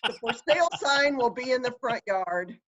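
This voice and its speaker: A middle-aged woman, a guest chatting quickly and telling stories about home. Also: a little high, expressive, a bit bright. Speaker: guest, the host's mother. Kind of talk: casual chat. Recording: dull lo-fi line.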